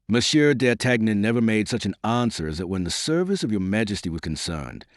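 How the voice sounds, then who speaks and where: A man reading the lines of a calm, dignified nobleman in an audiobook. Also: on the low side, brisk, no echo, studio quality. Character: dignified proud nobleman, calm, middle-aged.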